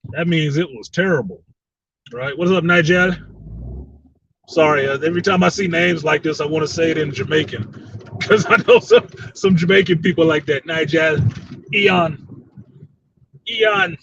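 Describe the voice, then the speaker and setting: A man hosting a casual fan chat show, reading viewer comments, animated, laughing often and swearing freely. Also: a little high, moderate pace. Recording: slightly distant dull mic with faint noise.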